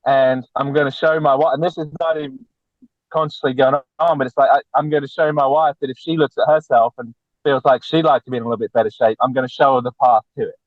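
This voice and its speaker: A man speaking as a relationship coach guest on a podcast, lecturing bluntly and forcefully, with lots of repetition. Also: medium pitch, steady tone, fast, no echo. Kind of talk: podcast interview. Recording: tinny phone-like dry line.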